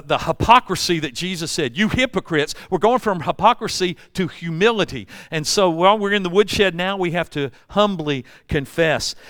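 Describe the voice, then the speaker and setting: A man's voice: on the high side, a bit bright, smooth, no echo, clean studio sound. An older man preaching a sermon, telling folksy stories and acting out voices. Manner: folksy storytelling with acted-out voices. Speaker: pastor.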